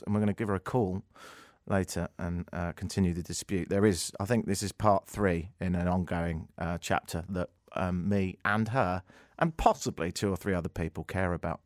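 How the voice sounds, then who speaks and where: A man's voice: sits low, moderate pace, no room sound. A British man hosting a radio talk show, delivering a sarcastic, mock-outraged comedic monologue into a studio microphone. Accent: British English. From Britain.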